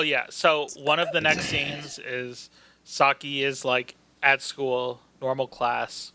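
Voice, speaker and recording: A man's voice: mid-range voice, bright, forceful tone. A man co-hosting a casual podcast, recapping a story in loose, filler-heavy talk. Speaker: podcast co-host.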